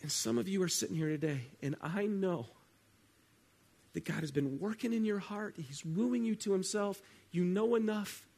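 A man delivers a sermon as pastor. His voice sits a little high, and he talks earnestly. He swings from loud, pressing emphasis to quiet, drawn-out phrases. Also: husky. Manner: earnest, shifts between loud emphasis and hushed, slowed phrases.

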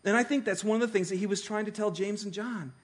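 A man preaching a sermon, telling stories with animated delivery that swings from hushed to loud. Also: high-pitched, fast talker, slightly rough. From Detroit. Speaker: pastor.

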